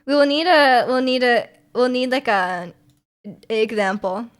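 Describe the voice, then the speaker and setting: A woman's voice: on the high side, measured pace, clean tone. A young woman streaming, chatting casually with viewers and reading their comments, rambling with frequent ums and restarts, her voice slightly sore.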